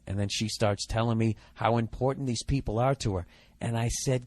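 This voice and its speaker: A man's voice: mid-range voice, steady tone, normal speed, darkish tone, dry recording. A man hosting a podcast, reading out listener mail and ranting in a profane, mocking way, sometimes dropping to a mutter. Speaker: podcast host. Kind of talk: casual rambling monologue.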